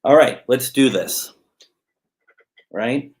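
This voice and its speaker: A man's voice: mid-range voice, expressive, very slow, darkish tone. A man hosting a live spirit box session, chatting casually while calling out to spirits and talking to his cat. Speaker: host.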